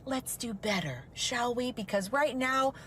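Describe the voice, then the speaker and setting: A woman giving a scripted monologue for social media. She reels off long lists in a steady rhythm and lectures with a wry edge. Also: a little high, unhurried, a little hiss or hum.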